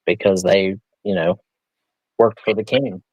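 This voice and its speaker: A man's voice: low-pitched, a little slow, darkish tone, breathy edge, no room sound, low-quality recording. Chatty man hosting a live auction. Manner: chatty, thinking aloud, joking. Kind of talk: casual live-stream selling.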